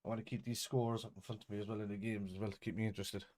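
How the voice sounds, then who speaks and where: A man's voice: lowish voice, little pitch movement, rapid-fire, a little mellow. Laid-back man muttering through a match. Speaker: watch-along streamer. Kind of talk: casual live match watch-along chat.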